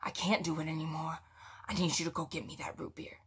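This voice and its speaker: A woman's voice: fairly low pitch, fairly even intonation, a little fast, gravelly. A woman voicing a demanding, exhausted middle-aged male shopper who talks in an insistent, weary mutter.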